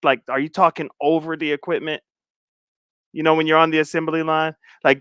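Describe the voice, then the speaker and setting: A man's voice: a little high, flat delivery, fairly quick, a bit bright, clean tone, no room sound, studio quality. A middle-aged man hosting a livestream, chatting casually with viewers in a playful, teasing way and laughing often. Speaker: livestream host. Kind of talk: casual chat reading viewer comments.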